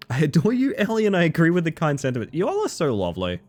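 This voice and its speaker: A man streaming live and chatting casually with his viewers, animated, often breaking into high squeals and laughter. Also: racing, soft background music. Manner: chatty, thanks viewers warmly.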